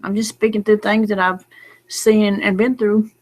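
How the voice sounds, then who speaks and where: Middle-aged woman, sleepy, teary, rambling late-night vlog, folksy and soft. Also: medium pitch, flat delivery, moderate pace. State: sleepy and close to tears. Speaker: lottery number vlogger.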